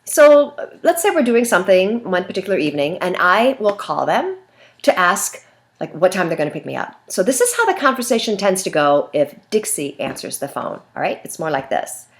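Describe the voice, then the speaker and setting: A woman teaching a communication class in a recorded video lecture, expressive and talking with her hands, acting out everyday conversations. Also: medium pitch, brisk. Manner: acts out phone calls in lively voices. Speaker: communication instructor.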